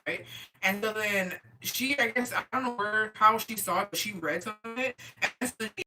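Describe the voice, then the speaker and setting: A woman streamer chatting casually with her viewers, telling profane, animated stories and reacting to chat. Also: mid-range voice, brisk, far from the mic, a little hiss or hum.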